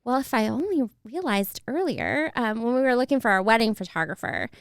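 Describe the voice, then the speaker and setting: A woman's voice: a little high, sing-song, a little fast, smooth, dry recording, clean studio sound. A young woman, a family photographer, chatting in an interview, fond and laughing often as she talks about children. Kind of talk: casual interview chat.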